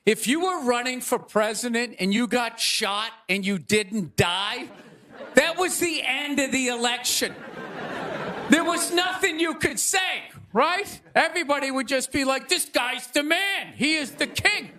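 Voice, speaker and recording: A man hosting a comedy show, delivering a rambling stand-up monologue with exasperated loud bursts. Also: very high voice, a little slow, slight background noise. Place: stage before a live audience. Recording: live show with crowd laughter.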